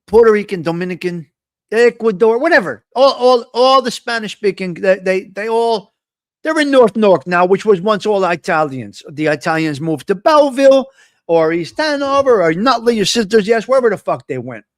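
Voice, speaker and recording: A man's voice: high-pitched, animated, moderate pace, no room sound, studio quality. Profane, ranting New man. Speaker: host. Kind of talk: live coffee-talk monologue.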